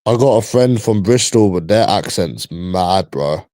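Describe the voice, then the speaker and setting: With a low-pitched, darkish, expressive voice at a measured pace, a young man from East London, England chats casually to his viewers in his local accent. He rambles loosely, uses slang, and repeats himself, and there's no room sound.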